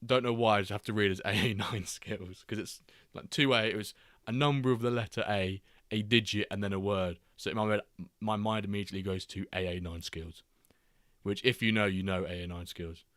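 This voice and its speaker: A man's voice: lowish voice, fairly even intonation, fairly quick, fairly bright tone, no room sound. Chatty man hosting a dry-miked stream. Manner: chatty, reads out viewer messages, jokey asides. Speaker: livestream host. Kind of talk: casual watchalong chat.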